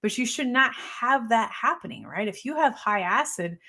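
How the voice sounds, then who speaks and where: A woman's voice: fairly high pitch, expressive, moderate pace, bright, forceful tone. A middle-aged woman, a health practitioner, answering viewer questions in a casual live talk while her nose runs a little. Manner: casual, conversational, tags points with "right?". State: runny nose.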